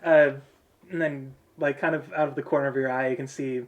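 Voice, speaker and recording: A man's voice: mid-range voice, fairly even intonation, a little fast. A man narrating a tabletop game as game master, casual and full of fillers.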